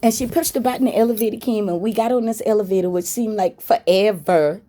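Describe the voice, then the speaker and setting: A woman's voice: medium pitch, fast talker, mellow. A woman telling a story to her viewers in a blunt, frank way, with swearing. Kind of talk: casual story time.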